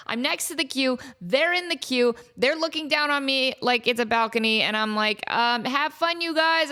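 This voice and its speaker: A woman in her thirties hosting a podcast, telling a comic family story in an animated way and acting out the people in it. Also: medium pitch. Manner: animated, often laughing, acts out the people in her stories. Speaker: podcast host.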